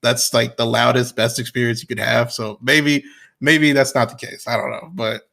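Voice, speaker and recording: A young man co-hosting a casual chat, relaxed and easygoing. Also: medium pitch, moderate pace, creaky. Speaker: podcast co-host.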